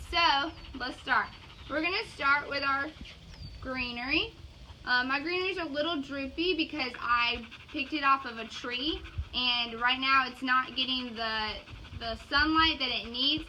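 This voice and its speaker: A woman's voice: high voice, bright, forceful tone. A bubbly young woman with a Southern accent, teaching floral design in a casual video lesson. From Georgia. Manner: bubbly, enthusiastic, exclaims often. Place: outdoors in yards, then indoors at a table. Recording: dull lo-fi sound with outdoor noise.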